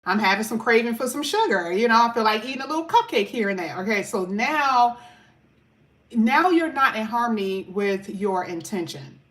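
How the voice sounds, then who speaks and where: A woman's voice: fairly high pitch, lively intonation, moderate pace, a bit bright. A woman talking casually through a tarot card reading. She is chatty and emphatic and stretches out key words. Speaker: tarot reader.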